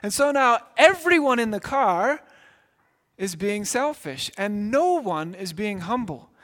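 A middle-aged male pastor gives a conversational sermon in a high voice. He acts out small scenes as he goes. His voice rings out with a long hall reverb. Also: very animated, a little slow, fairly bright tone. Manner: conversational preaching with acted asides.

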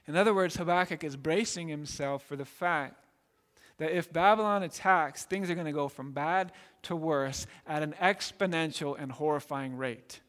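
A man's voice: on the high side, moderate pace, fairly bright tone. A man preaching a sermon earnestly, often checking in with "right?" and repeating words as he explains. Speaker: pastor. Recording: long reverb in a large hall.

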